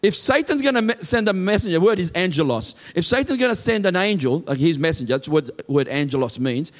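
A man with a high voice preaches a sermon. He reads verses slowly, then explains them earnestly, often restarting his phrases. At times he builds to loud, urgent peaks. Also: lively intonation. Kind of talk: sermon teaching from scripture.

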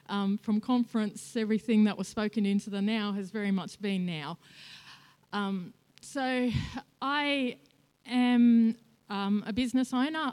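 A middle-aged woman sharing a personal church testimony, emotional and soft-spoken, with frequent pauses. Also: medium pitch. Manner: emotional, soft-spoken with many fillers and laughs. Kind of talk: testimony talk.

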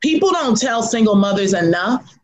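A woman being interviewed as a guest, telling stories in an animated, laughing way and talking frankly about motherhood. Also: mid-range voice, normal speed. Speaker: guest, artist and teacher. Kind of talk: casual storytelling interview. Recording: dull lo-fi sound.

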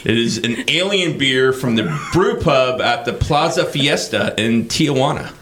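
A man's voice: mid-range voice, expressive, a bit bright, echoey room, a little hiss or hum. A man hosting a beer quiz on a podcast in a studio, speaking casually and upbeat with many fillers. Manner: upbeat, quick, with frequent fillers. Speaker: host running a beer quiz. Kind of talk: casual chat.

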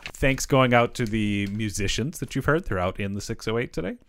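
A man hosting a podcast in casual chat, easygoing and quick to laugh along with his co-host. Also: lowish voice, lively intonation, a bit bright, no echo, studio quality.

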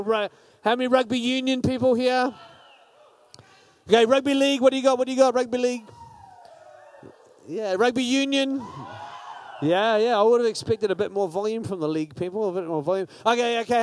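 A man speaking to a crowd, playful and energetic as he polls the audience with quick questions. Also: very high-pitched. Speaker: speaker at a church gathering. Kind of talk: lively talk to a crowd.

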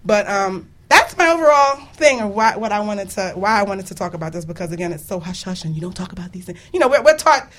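A woman hosts a casual radio talk show, her delivery animated and chatty. She laughs often and keeps a relaxed, talkative flow into the studio mic. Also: medium pitch, fast talker, few pauses.

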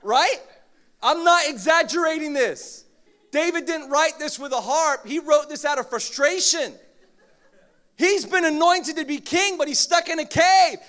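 A man preaching a sermon with humor, swinging from quiet asides to shouted, dramatic prayers. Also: extremely high pitch, measured pace.

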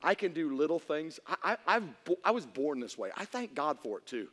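A man preaching a humorous sermon to a congregation, telling stories in an animated way that swings from hushed to shouting. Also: on the high side, a little fast. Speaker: pastor. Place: church hall before an audience. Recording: reverberant hall.

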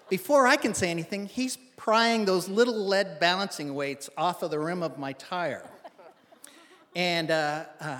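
A man's voice: high-pitched, a bit bright, in a large hall. A man telling a personal story to an audience in a wry, conversational, self-deprecating way.

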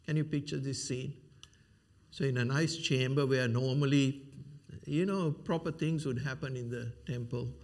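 A man's voice: medium pitch, fairly even intonation, moderate pace, darkish tone. A man preaching a sermon, retelling a Bible story with rhetorical questions and frequent fillers.

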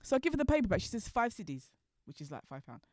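A woman telling stories as a podcast guest, talking fast and laughing as she goes. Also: mid-range voice, very animated, a little mellow, dry recording, studio quality. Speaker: guest, designer. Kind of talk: animated storytelling in conversation.

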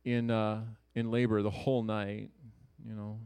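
A man in his thirties telling a personal story to an audience in an earnest, conversational way, with quick jokes and hushed asides. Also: fairly low pitch, flat delivery, smooth, no echo. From Ohio, USA.

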